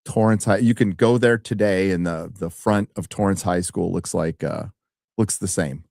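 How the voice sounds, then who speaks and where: Low-voiced man in casual chat. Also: moderate pace, vocal fry, no echo, clean studio sound. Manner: rambling, animated, swearing. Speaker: co-host of a review stream.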